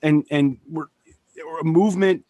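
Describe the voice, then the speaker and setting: A man's voice: a little high, fairly even intonation, normal speed, warm tone, dry recording, clean studio sound. A man, a punk musician guesting on a podcast, talking casually and rambling, swearing often and losing his thread. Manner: profane, rambling, loses his train of thought. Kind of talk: casual chat.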